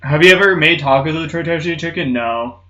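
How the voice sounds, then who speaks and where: A young man streaming, telling rambling comedic stories in casual chat, swearing constantly and saying "dude" a lot. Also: fast talker. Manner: does loud high-pitched mocking voices in stories. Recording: roomy, slightly muffled stream audio.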